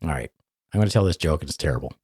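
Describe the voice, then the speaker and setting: A man's voice: extremely low pitch, animated, rapid-fire, darkish tone, slightly rough, dry recording, studio quality. Teasing man comedian on a podcast. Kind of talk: casual comedy podcast banter.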